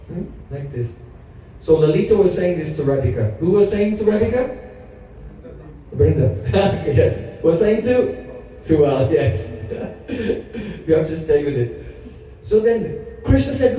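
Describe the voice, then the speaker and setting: A man preaching by retelling a sacred story, pausing to quiz his listeners. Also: high-pitched. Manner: animated storyteller, quizzes audience. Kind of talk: storytelling sermon. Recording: echoey hall, mic at a distance.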